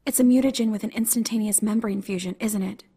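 A man voicing an earnest young woman scientist in an audiobook, talking fast and deadly serious. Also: sits high, fairly even intonation, a little mellow, a little hiss or hum, voice pushed up, natural voice. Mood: urgent.

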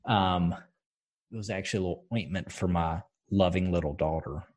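This co-host of a podcast has a low, husky, slightly mellow voice and talks at normal speed in a casual chat. Blunt and passionate, he peppers his stories with swearing and keeps driving his point home.

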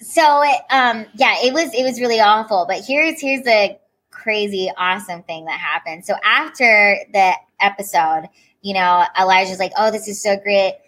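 A woman's voice: mid-range voice, moderate pace. A woman comedian, a guest on an interview show, telling her stories casually and acting out what people said. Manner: animated, acts out quoted voices.

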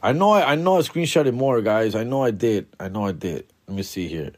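A man's voice: on the low side, lively intonation, a little fast, a little mellow. A young man hosting a casual solo podcast. He talks loosely and profanely, full of slang, and mumbles while he searches through his notes. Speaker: podcast host.

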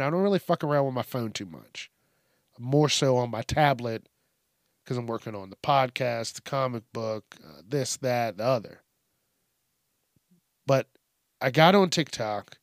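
A man hosting a podcast, telling stories in a casual, profane, animated way. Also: fairly high pitch, no echo, studio quality. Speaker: podcast host. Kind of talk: casual monologue.

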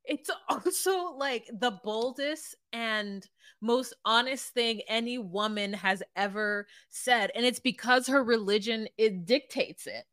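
A woman's voice: a little high, slow, fairly bright tone, no room sound, clean studio sound. A woman co-hosting a podcast, recapping a reality show in rambling, giggly casual chat. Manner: rambling, giggly, restarts sentences. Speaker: podcast co-host.

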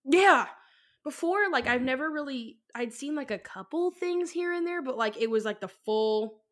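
Young woman, fairly high voice, casual podcast storytelling, rambling with lots of fillers, swears freely. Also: lively intonation, normal speed, a bit bright. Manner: rambling, full of likes and ums, swears freely. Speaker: podcast co-host.

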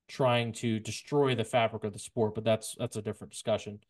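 A man with a fairly low-pitched voice hosts a casual sports podcast. He stumbles over repeated words, then rushes ahead in excited bursts.

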